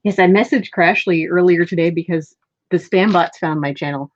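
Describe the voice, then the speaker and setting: A woman's voice: lowish voice, moderate pace, no echo. Chatty woman streamer, dull lo-fi audio. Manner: chatty, laughs often. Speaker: crafting live streamer. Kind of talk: casual live stream chat.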